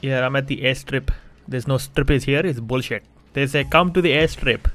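A man putting on a put-on Indian English accent, playing a goofy, excitable Indian guy who speaks broken English while trolling in an online game. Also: moderate pace, soft background music, close to an everyday voice. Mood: pleading. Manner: broken English, sudden high shrieks. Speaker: online gamer trolling strangers.

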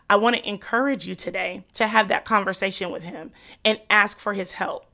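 A woman's voice: mid-range voice, gravelly, fairly bright tone. A woman hosting a Christian podcast and chatting casually with her listeners, her voice congested and nasal from allergies. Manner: chatty, calls listeners "sis" and "girl". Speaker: podcast host. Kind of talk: casual faith-based podcast talk.

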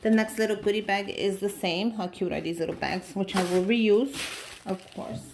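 A woman vlogger opening gift mail, chatting casually to viewers and gushing with excitement over each item. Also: a little high, a little hiss or hum. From United States. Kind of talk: casual unboxing chat to viewers.

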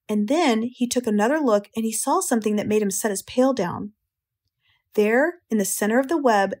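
An American woman narrating an audiobook in a calm, measured, gentle storytelling manner. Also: mid-range voice, slightly rough.

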